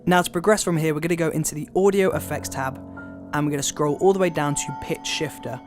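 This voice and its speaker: A man's voice: fairly high pitch, fairly even intonation, quick pace. Upbeat man explaining editing steps. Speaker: video tutorial host. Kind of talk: casual software tutorial. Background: background music.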